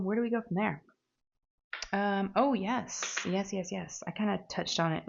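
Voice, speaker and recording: A woman's voice: lowish voice, fairly even intonation, moderate pace, creaky, long pauses, slightly rough, lo-fi sound. A woman chatting casually while she crafts, rambling and laughing at herself. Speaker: diamond painting crafter.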